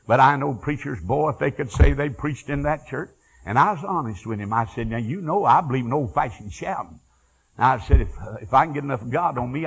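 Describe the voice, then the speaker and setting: Husky revival preacher. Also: male voice, a little high, low-quality recording. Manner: shouting bursts, drawn-out exclamations, folksy asides. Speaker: evangelist preacher. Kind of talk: fiery revival sermon with storytelling.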